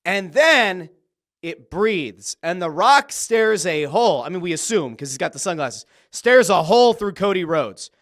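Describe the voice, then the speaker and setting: Rich: A male podcast host with a high, bouncy voice that swoops up and down as he talks. He chats casually and excitedly, swearing freely and acting out his own reactions in quoted bursts. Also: a little slow. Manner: uses profanity freely.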